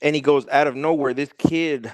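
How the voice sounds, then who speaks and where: A man's voice: fairly high pitch, fairly even intonation, normal speed, no echo. A man as a podcast guest, telling a long story in a rambling way, stringing it together with "he's like" and "he goes". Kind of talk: casual storytelling.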